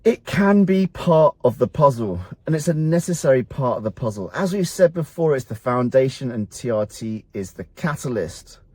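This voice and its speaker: Man, middle-aged, blunt motivational doctor, rhetorical questions, mid pitch, dry close sound. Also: very animated, moderate pace, hardly any pauses, darkish tone, slightly rough, no room sound. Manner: blunt, motivational, asks and answers his own rhetorical questions. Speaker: doctor at a men's health clinic. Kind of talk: direct-to-camera health talk.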